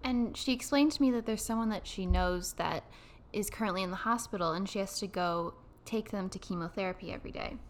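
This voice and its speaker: A young woman co-hosting a podcast, telling stories in an emotional, animated way. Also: mid-range voice, fairly quick, a little hiss or hum. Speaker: podcast co-host. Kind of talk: casual chat.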